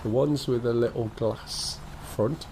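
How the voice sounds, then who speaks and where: A man's voice: medium pitch, fairly even intonation, measured pace, background noise. A man with an English accent and a stuffy nose from a cold, chatting through a live flight-sim stream, thinking aloud and greeting viewers. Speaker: game streamer.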